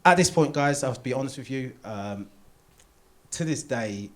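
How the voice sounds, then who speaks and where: A man's voice: mid-range voice, normal speed. A man in his thirties doing a stand-up comedy routine on a theatre stage, telling a personal story and acting out the people in it. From England. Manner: animated storytelling, acts out doctor and himself in quotes. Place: theatre stage before a live audience.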